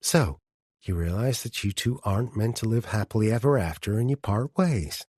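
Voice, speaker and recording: A man's voice: lowish voice, lively intonation, moderate pace, darkish tone, breathy edge, no echo, studio quality. A man voicing a blunt, affectionate woman friend who teases and reassures in an audiobook. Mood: reassuring. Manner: frank, teasing, reassuring. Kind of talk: audiobook character dialogue.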